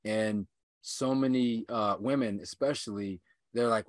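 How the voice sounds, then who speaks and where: Low-voiced emphatic inspirational speaker man. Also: steady tone, unhurried, dry recording. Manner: emphatic, preacher-like repetition, rousing. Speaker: podcast guest, inspirational speaker. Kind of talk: earnest motivational conversation.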